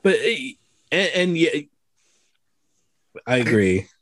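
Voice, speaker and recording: Very animated yet slow, this podcast co-host has a medium-pitched, fairly bright voice. He chats casually, laughs a lot, and keeps restarting as he rambles, in a studio-quality recording with no room sound.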